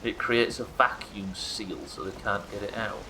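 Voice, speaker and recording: A man's voice: lowish voice, fairly even intonation, unhurried, sharp tone, a little hiss or hum, low-quality recording. A man chatting casually while streaming a game, crude and joking, laughing often. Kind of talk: casual live-stream chat.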